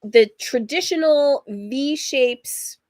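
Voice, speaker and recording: Sewing show host, woman, husky from allergies, rambling and unhurried, recorded dry and close. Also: sits high, a little mellow, dry recording. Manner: rambling, chatty, laughs often. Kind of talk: casual chatty livestream.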